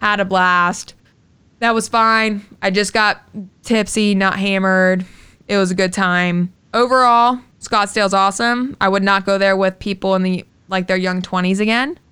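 A woman's voice: mid-range voice, fairly even intonation, moderate pace, pushed and bright, clean tone, dry recording. A young woman co-hosting a podcast, telling a personal story in casual chat, candid and swearing freely. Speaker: podcast co-host.

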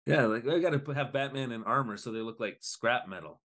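A man co-hosting a podcast, chatting casually as he recaps an episode and jumps into quick put-on voices for the characters. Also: medium pitch. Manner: animated, acts out lines in quick voices. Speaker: podcast co-host.

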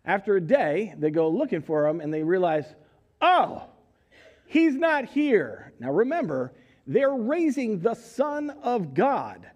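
A middle-aged man preaching a sermon in a church, telling the story with animated voices and questions to the congregation. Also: high-pitched, normal speed. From United States. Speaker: pastor. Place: church sanctuary.

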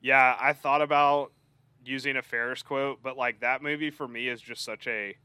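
A laid-back man co-hosting a casual podcast, leaning on fillers as he talks. His tone is bright and forward. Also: medium pitch, fairly even intonation, normal speed, clear, resonant tone, dry recording. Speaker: podcast co-host. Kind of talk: casual chat.

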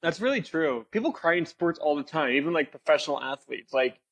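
A man's voice: a little high, expressive, a little fast, a bit bright, husky. A young man hosting a casual podcast, easygoing, with lots of "like" and "um". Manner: easygoing, filler-heavy, mildly disapproving. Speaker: podcast host.

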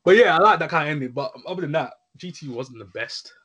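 Fast-talking man in casual chat. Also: a little high. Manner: rambling, animated, frequent "you know what I'm saying".

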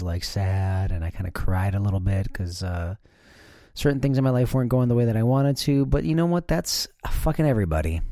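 A man's voice: on the low side, dark tone, no echo, studio quality. A man hosting a podcast alone, talking casually in a rambling, profane way with lots of fillers and restarts. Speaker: podcast host. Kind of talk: casual solo monologue.

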